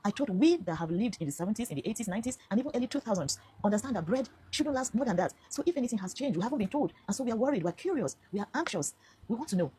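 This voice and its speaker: A woman's voice: mid-range voice, animated, very fast, dark tone, husky. A Nigerian woman in her fifties giving an earnest, emphatic personal testimony to camera, now and then slipping into Pidgin phrases. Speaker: vlogger telling her own story.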